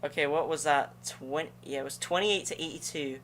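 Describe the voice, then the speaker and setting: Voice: medium pitch, brisk, a bit bright, a little hiss or hum. A young adult streamer giving casual, slangy commentary to viewers while playing a game. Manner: slangy, chatty, talks to viewers between attempts. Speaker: gaming streamer.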